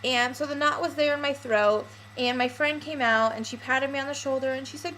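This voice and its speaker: A woman's voice: sits high, fairly even intonation, brisk, few pauses, fairly bright tone, slight background noise, rough recording. A young woman vlogging casually and candidly, with lots of fillers. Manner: chatty, candid, with many fillers. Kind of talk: casual personal vlog.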